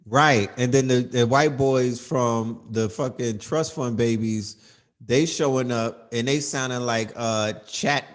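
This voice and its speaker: A livestream host with a medium-pitched voice rants slowly in a casual, emphatic and profane way, often asking "you know what I mean."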